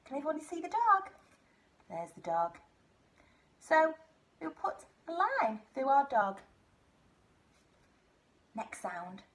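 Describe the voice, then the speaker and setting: A woman leading a nursery phonics lesson, her voice set fairly high and swooping widely up and down. She speaks slowly and gives each phrase an exaggerated sing-song lilt, the way one talks to very young children. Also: a bit bright. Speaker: nursery teacher.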